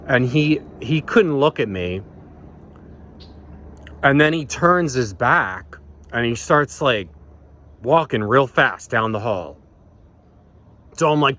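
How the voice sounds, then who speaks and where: Slow-talking man telling a rambling story. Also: medium pitch, animated, a bit bright. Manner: rambling, profane, many restarts and ums. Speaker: vlogger. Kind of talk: casual personal storytelling.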